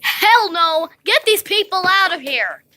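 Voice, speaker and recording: A woman voicing a bossy wife who scolds in a lively, bright, high voice. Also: a little slow, heavily acted. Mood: scolding. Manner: exasperated, scolding.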